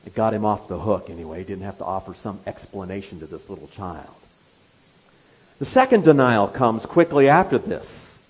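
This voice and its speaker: A man's voice: on the low side, sing-song, normal speed, a little mellow, husky, low-quality recording. A man preaching an expository sermon, telling the story with animation and acting out the quoted lines.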